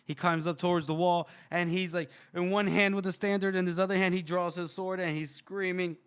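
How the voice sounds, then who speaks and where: A man's voice: sits high, fairly even intonation, fairly quick, smooth, dry recording. A man co-hosting a podcast, animatedly retelling a story, acting out the characters' lines and laughing often. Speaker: podcast co-host. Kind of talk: casual book discussion.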